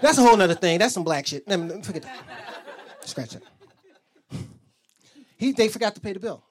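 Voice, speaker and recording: Lively profane stand-up comic man. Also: a little fast. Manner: animated, profane, jumps into squeaky voices for characters. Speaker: stand-up comedian. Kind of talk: stand-up set with acted quotes. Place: comedy club stage. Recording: roomy club sound with a laughing crowd.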